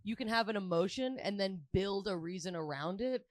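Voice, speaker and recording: A man's voice: high-pitched, lively intonation, normal speed, no echo. A man co-hosting a podcast, talking earnestly in casual chat. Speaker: podcast co-host.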